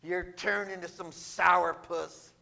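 A man's voice: high-pitched, steady tone, slow, vocal fry, sharp tone. A man preaching a sermon, emphatic and full of rhetorical questions aimed at his listeners. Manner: slips into mocking quoted voices.

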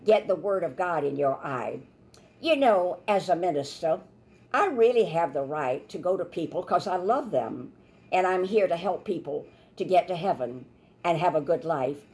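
A woman's voice: lowish voice, moderate pace. A woman minister teaching a Bible lesson in a sermon, telling stories and acting out the voices of people she quotes. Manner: animated storytelling, acts out quoted voices.

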